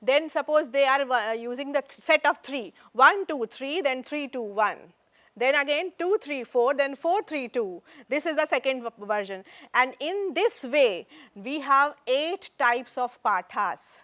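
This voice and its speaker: A woman's voice: high voice, expressive, unhurried, a bit bright. A woman with an Indian English accent giving a classroom lecture, explaining step by step and counting out patterns. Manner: explanatory, counts out recitation patterns, switches into Hindi asides. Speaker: university lecturer.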